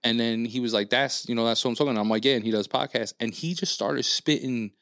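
A man's voice: medium pitch, fast talker, no room sound, studio quality. A man co-hosting a podcast, telling a long story in casual chat, acting out quotes and cursing freely. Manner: animated storyteller, acts out quotes, frequent swearing and fillers. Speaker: podcast co-host.

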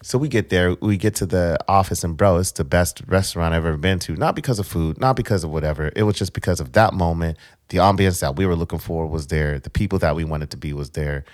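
A man's voice: sits low, fast, no room sound, clean studio sound. A man casually telling a rambling travel story, repeating words as he goes.

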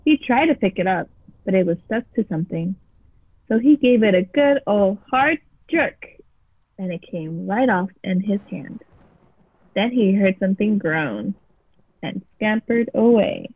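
A woman's voice: mid-range voice, expressive, a little slow, slightly rough, no echo. A woman casually reading a scary story aloud as a podcast co-host. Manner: casual, swears freely. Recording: tinny phone-like sound.

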